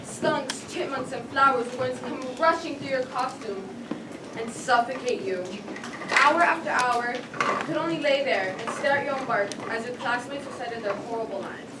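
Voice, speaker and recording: A woman with a high voice narrates a stage play in second person, telling it with drama and wry humor at a normal pace. The mic is far away on an echoey stage, and there's loud noise.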